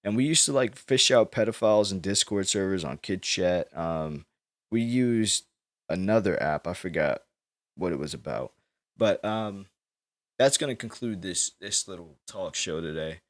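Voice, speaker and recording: A young man hosting his own talk show, with a very low-pitched voice. He rambles and swears freely, restarting sentences as he tells stories in loose casual chat. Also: moderate pace. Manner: rambling, profane, loose storytelling. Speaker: podcast host.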